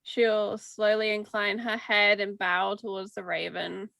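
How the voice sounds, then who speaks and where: A woman playing a tabletop game, calmly describing what her character does. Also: medium pitch, a little slow, vocal fry, no room sound. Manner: calm, descriptive storytelling. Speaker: player.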